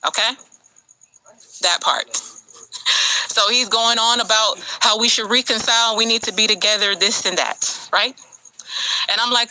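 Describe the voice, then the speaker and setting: A woman's voice: a little high, unhurried, long pauses, pushed and bright, poor audio. A woman venting on a livestream, agitated and emphatic, swearing and talking straight to her viewers. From United States. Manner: agitated, emphatic, profane, addresses viewers directly. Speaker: vlogger. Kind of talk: live-streamed personal rant to viewers.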